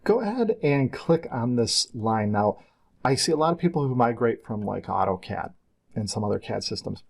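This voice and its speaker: Gravelly, husky middle-aged male instructor. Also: medium pitch, animated, normal speed. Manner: casual and conversational, wanders into side stories. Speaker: CAD instructor. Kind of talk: screen-recorded software tutorial.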